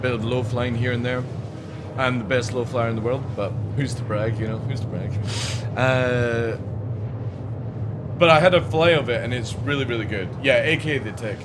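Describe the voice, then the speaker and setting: A man's voice: medium pitch, normal speed, background noise. An English man streaming a game, chatting to his viewers in a rambling way and swearing freely. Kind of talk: casual live-stream chat.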